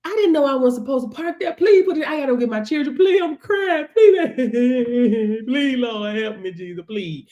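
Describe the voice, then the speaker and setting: A woman's voice: sits high, lively intonation, moderate pace, mellow, highs cut off. A woman doing a begging driver, near tears. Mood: pleading. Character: desperate driver begging to get her towed car back.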